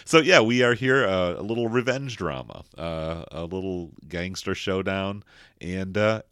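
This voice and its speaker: A man hosting a film podcast in a relaxed, rambling way, with many fillers. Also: deep voice, a little slow, clean tone, no room sound, studio quality. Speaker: podcast host. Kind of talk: casual film discussion.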